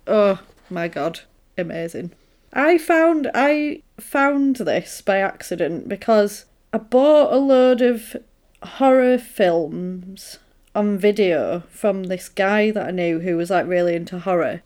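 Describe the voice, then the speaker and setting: A woman co-hosting a podcast retells a film in casual, amused chat, dropping quoted asides along the way. Her mid-range voice is a little mellow, with lively intonation and a slow pace.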